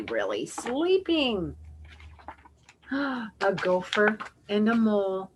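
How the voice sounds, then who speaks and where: A woman reading a picture book aloud to children in an animated, dramatic way, with gasps and asides. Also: mid-range voice, slow pace, long pauses, noisy background. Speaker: storybook reader.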